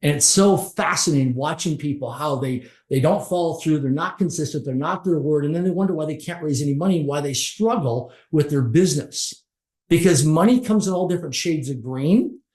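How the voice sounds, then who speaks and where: Man, middle-aged, podcast guest, motivational storytelling, emphatic repeated phrases, slightly high voice. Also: a little fast, darkish tone. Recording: roomy echo.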